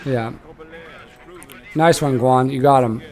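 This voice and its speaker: A young man shoutcasts a strategy game he played in, speaking slowly at a medium pitch. He's casual and animated, swearing and laughing as he goes.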